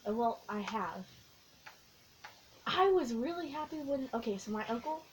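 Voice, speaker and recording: A woman's voice: on the high side, low-quality recording. Giggly young woman telling a rambling story. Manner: giggly, excitable, rambling storytelling with frequent laughs. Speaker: vlogger. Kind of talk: casual storytelling vlog. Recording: faint background noise.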